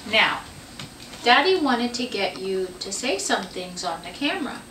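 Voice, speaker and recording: A young mother speaks slowly and patiently to her toddler in a bright, clear tone, her pitch swooping up and down as she asks question after question. It's a home camcorder recording, roomy and picked up from across the living room. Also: big pitch swings, recorded from a distance, slight background noise. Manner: patient, sing-song questioning of a small child. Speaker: parent. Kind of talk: home video, coaxing a toddler.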